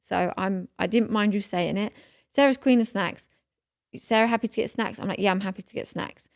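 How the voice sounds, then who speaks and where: Podcast co-host, woman in her thirties, mid-pitched, chatty, emotional storyteller with lots of fillers. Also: steady tone, fast, gravelly, dry recording, studio quality. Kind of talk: casual chat.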